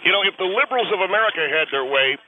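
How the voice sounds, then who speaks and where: A man's voice: high voice, expressive, very fast, pitched above the performer's own voice. A man voicing a rambling, self-justifying middle-aged conservative male caller who speaks in a blustering, hyperbolic way. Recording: noisy tinny phone line.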